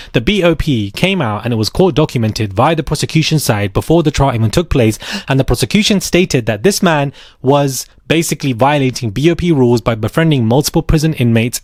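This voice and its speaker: A man hosting a commentary channel, giving rapid, animated opinions with sarcastic asides. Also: mid-range voice, no echo, clean studio sound.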